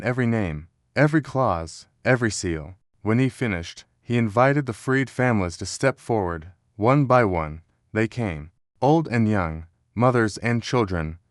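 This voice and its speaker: Male narrator, low voice, measured, dry close sound. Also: no echo. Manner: steady, measured storytelling with quoted dialogue read in the same voice. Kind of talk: scripted narration of a historical story.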